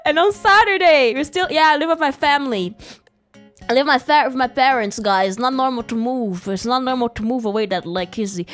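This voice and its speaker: A woman's voice: sits high, lively intonation, moderate pace, a bit bright, faint music behind. A woman streamer in casual livestream chat, rambling and giggly, greeting chat mid-story, still getting over a sore throat and cough.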